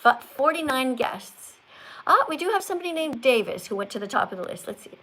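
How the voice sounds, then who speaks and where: A woman's voice: high-pitched, very animated, brisk, pushed and bright, poor audio. An older woman hosting a live stream, talking like a strict teacher who corrects and lectures. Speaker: livestream host.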